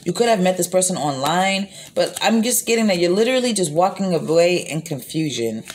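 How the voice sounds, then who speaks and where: Woman tarot reader, slightly low voice, recorded on a phone. Rambling, blunt, casual delivery. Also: expressive, fairly quick, slight background noise. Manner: rambling, repeats herself, frequent fillers; profane, blunt.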